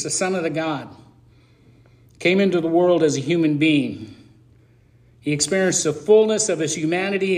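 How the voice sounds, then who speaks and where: A middle-aged man preaching a sermon with a slightly higher voice than most men. He talks in a chatty, emotional way and drops self-deprecating asides between his points. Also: a little mellow.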